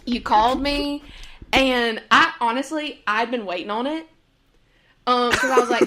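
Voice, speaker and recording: This young woman sits at a slightly higher pitch than most women and co-hosts a chatty podcast. She talks in an animated way, laughs often and slips into little voices when she retells conversations. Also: measured pace, noisy background. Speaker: podcast co-host. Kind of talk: casual chat.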